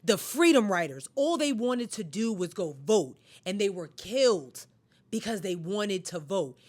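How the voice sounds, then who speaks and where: A woman's voice: mid-range voice, very animated, measured pace, a little mellow. A woman co-hosting a podcast in heated casual chat, ranting with angry, profane emphasis. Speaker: podcast co-host.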